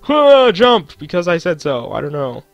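A man's voice: sits high, big pitch swings, unhurried, no echo, muffled recording, soft background music. A young man commentating his own gameplay, joking to himself and swearing at the game. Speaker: gaming channel host.

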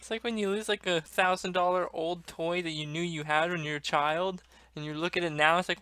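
A young man ranting about a gaming loss, swearing a lot, swinging between loud outbursts and low muttering. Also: steady tone, fast, smooth, dry recording. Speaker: gaming vlogger. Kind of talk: venting rant to camera.

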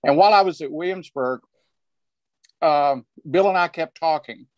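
An older man tells a meandering story on a video call, with many restarts and small chuckles. His voice sits unusually high for a man. The sound is dry and close. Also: moderate pace, dry recording. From Arkansas. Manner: rambling, restarts often, chuckles while telling. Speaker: panelist. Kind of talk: conversational storytelling.

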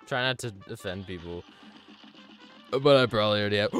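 A man streaming a game live, rambling excitedly to chat, swearing often and making fun of himself. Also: fairly low pitch, brisk, long pauses, faint music behind. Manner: sudden yelps at the game. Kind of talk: casual live-stream chatter.

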